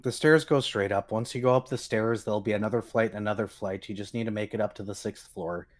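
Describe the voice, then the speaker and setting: A man running a tabletop role-playing game on a stream, describing scenes in a relaxed way with some fillers. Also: lowish voice, fast talker. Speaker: game master.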